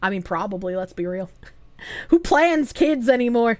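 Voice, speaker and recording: A woman's voice: on the high side, lively intonation, unhurried, darkish tone, no echo. A woman streamer in casual chat, reading viewer messages aloud, giggling often and talking bluntly and crudely.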